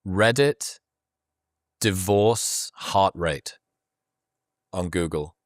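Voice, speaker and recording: A man's voice: sits low, very slow, no echo, studio quality. A man hosting a casual podcast who jokes and swears casually as he reads something off the screen.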